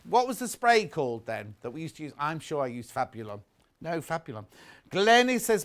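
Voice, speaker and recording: His voice sits a little high and has a sing-song lilt, delivered at an ordinary speed. As a middle-aged British man presenting live on a shopping channel, he chats and gossips between products and viewer messages, often rambling off on asides.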